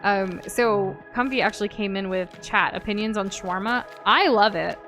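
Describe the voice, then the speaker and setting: A woman's voice: mid-range voice, normal speed, fairly bright tone, soft background music. A woman co-hosting a gaming stream, chatting casually and greeting viewers, with lots of likes and ums and frequent giggles. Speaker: streamer co-host. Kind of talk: casual chat while gaming.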